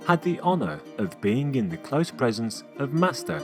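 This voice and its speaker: A man reading scripted documentary narration in a measured, formal way. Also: medium pitch, very animated. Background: guitar music.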